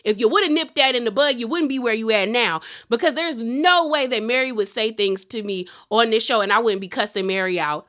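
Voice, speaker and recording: Bright-voiced sassy woman recapping. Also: fairly high pitch, brisk, few pauses. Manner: animated, sassy storytelling. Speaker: reality TV recapper. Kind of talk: casual reality-show recap.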